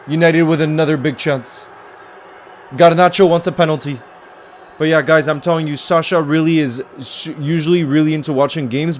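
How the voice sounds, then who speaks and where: A man's voice: mid-range voice, slight background noise. A man hosting a live football watchalong, chatting casually, reacting to the match and reading out viewer comments. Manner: chatty, reads out viewer comments, talks to his pet. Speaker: football livestream host.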